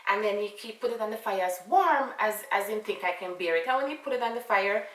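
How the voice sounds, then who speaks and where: A woman with a Jamaican accent telling a casual storytime, animated and full of fillers and asides. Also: mid-range voice, fast, distant mic. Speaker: vlogger. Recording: roomy, away from mic.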